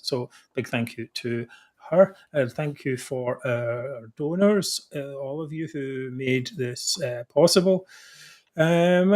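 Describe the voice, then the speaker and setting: A man hosting a casual political podcast and signing off the show. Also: medium pitch. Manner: blunt, wraps up the show. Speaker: podcast host. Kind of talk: casual livestream chat.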